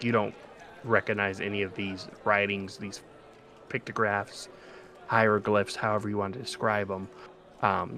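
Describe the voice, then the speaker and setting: A man's voice: fairly low pitch, gravelly, a bit bright, slight background noise. A man narrating a tabletop game as game master, laid-back with many fillers.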